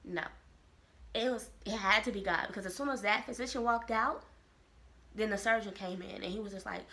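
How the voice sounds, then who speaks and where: A woman from Kansas City, telling a personal story to camera in a lively, expressive way. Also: mid-range voice, brisk. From Kansas City, Missouri. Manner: animated, expressive storytelling with quoted voices. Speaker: vlogger. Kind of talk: casual storytelling.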